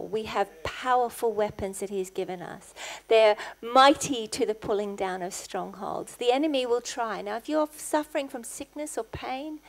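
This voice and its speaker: A middle-aged woman, a guest pastor, preaching a sermon in church, rising to loud, passionate exclamations. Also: medium pitch.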